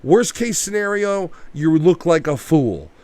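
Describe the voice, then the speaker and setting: Animated, profane man reviewing movies. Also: on the high side, a little slow, dry recording. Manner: animated, profane, acts out quotes. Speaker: podcast co-host. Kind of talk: casual movie review chat.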